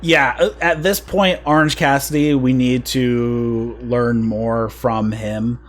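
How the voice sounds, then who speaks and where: Speaking slowly in a mid-range voice with fairly even intonation, a man hosts a podcast of casual wrestling review chat. He goes over the events at length and laughs at the funny moments.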